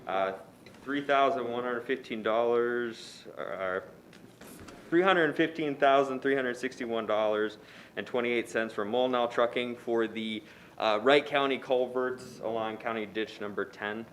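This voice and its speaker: A man's voice: mid-range voice, measured pace, a bit bright, slight background noise, low-quality recording. A man presenting a resolution at a county board meeting, hesitant with many fillers. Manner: hesitant, many ums and restarts.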